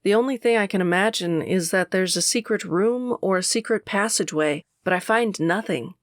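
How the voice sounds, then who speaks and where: A woman narrating a first-person audiobook in a steady, measured way. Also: medium pitch, no room sound, clean studio sound.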